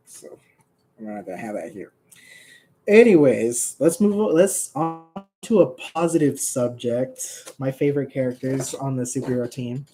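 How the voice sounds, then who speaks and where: Young male streamer, casual and jokey; slow delivery, soft dark tone. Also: medium pitch. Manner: rambling, joking, laughs often, gets worked up and shouts. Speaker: comic creator streaming. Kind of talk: casual livestream chat.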